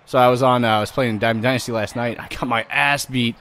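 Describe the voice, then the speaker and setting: Male let's-play host, mid-pitched, brash and profane, reacts loudly to each play. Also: fast. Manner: loud, vulgar, excitable banter. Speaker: gaming channel host.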